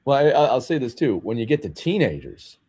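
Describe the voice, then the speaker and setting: A man co-hosts a podcast in an easy, conversational way. His pitch moves up and down a lot, and he chuckles between thoughts. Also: sing-song, fairly quick, mellow, breathy edge. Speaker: podcast co-host. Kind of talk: podcast interview.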